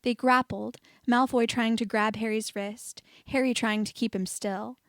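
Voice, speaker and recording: Woman audiobook reader, measured, fairly high voice, very dry close sound. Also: steady tone, dry recording. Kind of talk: fan-fiction narration.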